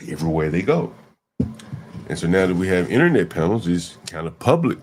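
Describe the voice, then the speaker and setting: Low-voiced guy ranting on his livestream, voice swings up and down a lot, keeps asking the same questions over and over. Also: big pitch swings, fairly quick, a little mellow, slight background noise. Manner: emphatic, repetitive rhetorical questions. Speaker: livestream host.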